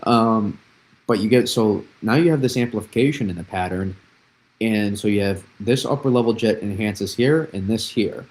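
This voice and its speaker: A man's voice: lowish voice, moderate pace, darkish tone, rough recording. A young man hosting a live weather analysis stream, explaining patterns with repeated phrases and frequent restarts. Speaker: weather forecaster, host.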